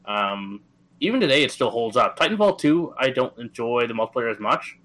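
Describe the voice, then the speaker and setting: A man's voice: mid-range voice, very animated, brisk, a bit bright, rough recording. A man in his thirties from Atlantic Canada, co-hosting a gaming podcast in easygoing casual chat. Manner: easygoing, many fillers and restarts. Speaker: podcast co-host.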